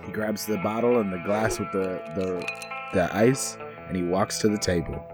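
A man playing a tabletop game, describing his character's moves in a halting, casual way. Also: low voice, over music. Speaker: player.

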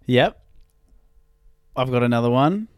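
A woman's voice: a bass voice, lively intonation, unhurried, smooth, no room sound, studio quality. A woman co-hosting a comedy podcast, riffing casually and laughing a lot. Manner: laughs a lot, riffs into shrieking rants. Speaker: podcast co-host.

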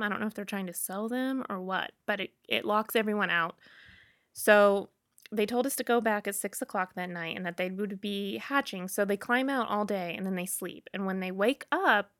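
A woman who works in travel, telling a personal story in a chatty, animated way with plenty of fillers. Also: mid-range voice, dry recording, studio quality. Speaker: travel advisor.

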